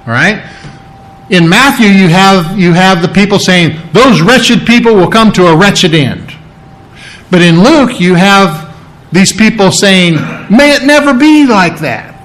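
A man's voice: sits high, unhurried, a bit bright, rough recording. A man preaching a sermon in a teaching, conversational way, checking in with his listeners and often restarting his phrases. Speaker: pastor.

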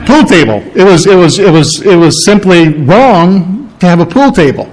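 A middle-aged pastor delivering a sermon in an easy, conversational manner and putting questions to the congregation as he goes. His voice sits a little higher than most men's. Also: expressive, normal speed, rough recording.

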